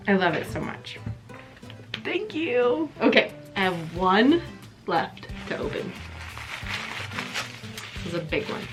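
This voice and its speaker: A woman vlogging as she opens gifts, gushing and excited, near tears, with a chatty manner full of fillers. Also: mid-range voice, slow, long pauses, over music. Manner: gushing, excited, breathy gasps, many fillers. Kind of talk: casual vlog chat.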